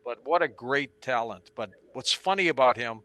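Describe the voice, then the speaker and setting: A man's voice: mid-range voice, normal speed. A man in his seventies, a radio talk show host, telling anecdotes as a guest in an interview and acting out the people he quotes. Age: 70s. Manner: animated anecdotal storyteller who acts out quotes. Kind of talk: storytelling interview on stage.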